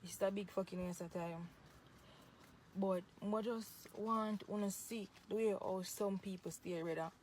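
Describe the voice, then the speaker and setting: A woman's voice: mid-range voice, fairly even intonation, a little slow, a little mellow, slight background noise. A woman with a Jamaican accent venting angrily to camera outdoors in the hot sun, cursing heavily and repeating herself. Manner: profane, heated, repetitive. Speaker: social media poster. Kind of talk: angry venting rant to camera.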